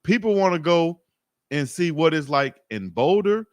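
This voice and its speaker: A man's voice: fairly high pitch, expressive, normal speed, dry recording. Insistent slangy man debating. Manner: insistent, slangy, repeats "dog". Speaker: host. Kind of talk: heated debate.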